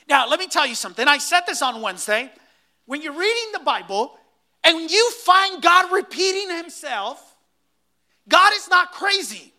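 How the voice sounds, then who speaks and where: Pastor guy preaching, super lively swoopy delivery, bright ringing voice, keeps asking the crowd what. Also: very high voice, moderate pace. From Hispanic household in the US. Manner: emphatic, repeats key phrases and quizzes the congregation. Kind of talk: sermon.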